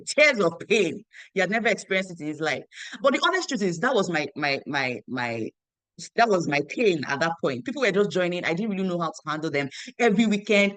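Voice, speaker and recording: A woman's voice: fairly low pitch, no room sound. A young woman tells a motivational story about her business, repeating phrases and acting out the dialogue. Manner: animated, repeats phrases, acts out quoted dialogue. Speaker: network marketing team leader.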